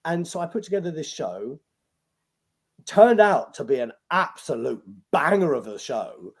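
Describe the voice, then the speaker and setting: Animated British man telling stage stories. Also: fairly high pitch, a little slow. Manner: animated, swears freely, acts out quoted lines. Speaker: podcast guest, magician and compere. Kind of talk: anecdotal storytelling interview.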